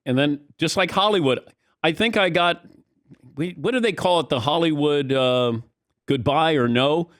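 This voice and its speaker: A man's voice: a little high, moderate pace, fairly bright tone, no echo, studio quality. A male talk show host asking joking questions in a casual radio interview.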